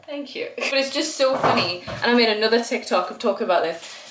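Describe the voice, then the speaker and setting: A woman's voice: fairly high pitch, animated, a little fast, background noise. A young woman with a Northumbrian accent, chatting casually to camera and laughing often as she talks. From Northumberland, England. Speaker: vlogger. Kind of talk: casual chat. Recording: roomy echoey room.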